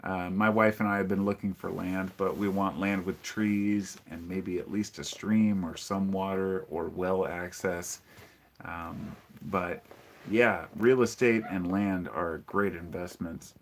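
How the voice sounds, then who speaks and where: With a low-pitched, fairly even voice and an unhurried pace, this man comes through with a little hiss or hum in the audio. He hosts a casual live-stream podcast, opinionated and rambling as he greets viewers and answers chat, often umming and restarting.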